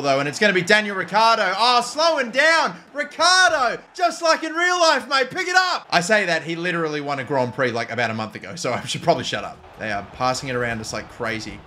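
A high-voiced young man calls a football video game match as it unfolds. His tone is bright and jokey, swinging into excited shouts whenever a goal goes in, and light music plays faintly behind him. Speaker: gaming YouTuber. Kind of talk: live football game commentary.

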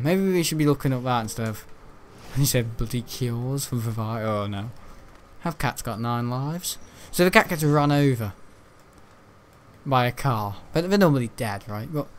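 A young British man in his bedroom rambles through laid-back gaming commentary, cracking jokes, swearing freely, and laughing a lot. His voice is medium-pitched, with a little hiss or hum in the recording.

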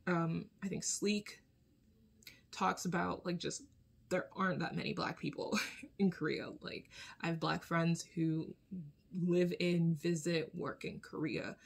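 Casual woman, a bit low-pitched. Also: creaky, breathy edge. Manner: conversational, often checks in with a questioning tag; blunt, casual swearing. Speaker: video commentator. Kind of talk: casual spoken commentary.

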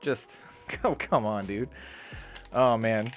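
Young man, card-opening host, rambling casual chat, excitable, faint music behind. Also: on the low side, takes it slowly. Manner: excitable, rambling, lots of "dude" and "like". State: sweaty and worked up. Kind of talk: casual case-opening commentary. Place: small hot room.

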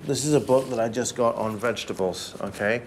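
Intense, profane chef, noisy kitchen. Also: male voice, mid-range voice, a little fast. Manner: intense, profane, barking orders. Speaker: head chef. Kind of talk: documentary interview and kitchen shouting. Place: restaurant kitchen.

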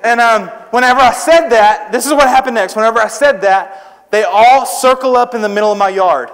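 At a church service with an audience, a young traveling preacher delivers a youth sermon in an extremely high, fairly bright voice at a fairly quick pace. He tells stories jokingly and conversationally, poking fun at himself, and the sound has long hall reverb.

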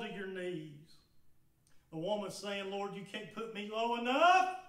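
Southern preacher man, bright sharp voice, slow fervent sermon, shouting now and then in a roomy church. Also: high voice, lively intonation. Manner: preaching with rising fervor, shouting at peaks. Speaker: pastor. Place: church sanctuary. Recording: echoey church from far off.

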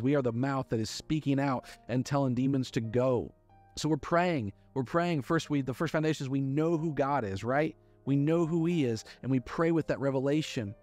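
A man's voice: medium pitch, a little mellow. A man preaching a sermon, emphatic and repeating key words as he reads scripture aloud. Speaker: pastor.

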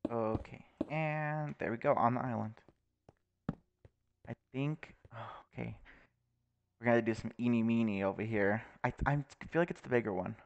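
A young man giving nervous, excitable commentary while playing a video game, often laughing and exclaiming. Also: medium pitch, moderate pace, creaky, muffled recording. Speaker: gaming YouTuber. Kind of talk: Let's Play commentary.

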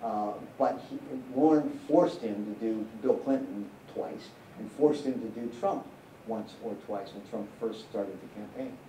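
A man's voice: on the low side, a little slow, mellow, far from the mic, a little hiss or hum. A man directing a live Q&A, answering audience questions with rambling, candid anecdotes and frequent restarts in a cinema hall.

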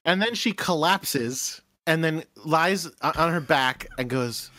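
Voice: mid-range voice, slow, sharp tone, no room sound. A podcast co-host retelling the plot of a cartoon episode in a casual chat and laughing readily.

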